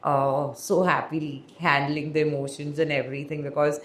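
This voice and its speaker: A woman's voice: sits low, flat delivery, normal speed, roomy sound. A woman hosting a podcast, talking in a loose, rambling way. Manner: rambling, many fillers, laughs often. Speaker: podcast host. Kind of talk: casual interview chat.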